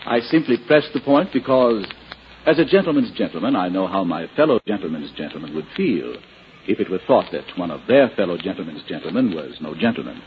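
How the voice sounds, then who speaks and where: A pompous preachy valet. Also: male voice, sits low, big pitch swings, brisk, highs cut off. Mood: haughty. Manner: pompous, overly formal and preachy. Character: prim moralizing male valet, pompous and stiff. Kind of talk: 1940s radio acting. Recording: hissy 1940s radio broadcast.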